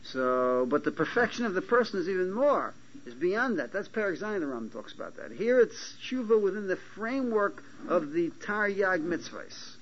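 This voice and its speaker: A man teaching a Talmud class, his fairly high voice stopping and restarting as he checks that his students follow. The recording is dull and lo-fi, with a faint hiss beneath. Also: big pitch swings. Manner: halting, restarts often, checks listeners' understanding. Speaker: Talmud lecturer. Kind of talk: Talmudic lecture to a small class.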